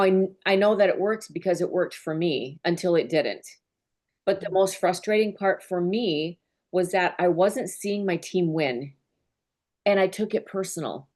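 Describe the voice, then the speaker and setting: Woman business mentor, lowish voice, earnest and open, heartfelt group-call talk. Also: darkish tone. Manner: earnest and openly emotional, conversational. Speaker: business mentor and team leader.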